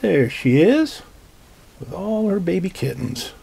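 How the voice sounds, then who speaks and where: A man reading a picture book aloud to children, gently explaining the pictures as he goes. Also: high-pitched, big pitch swings, slow, gravelly, slightly rough. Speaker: storytime reader.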